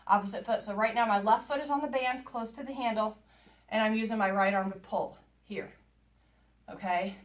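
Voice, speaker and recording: A woman's voice: on the high side, steady tone, normal speed. A woman fitness instructor coaching a workout as she exercises, chatty and encouraging as she counts down reps in her home workout space. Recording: echoey room, voice from a distance.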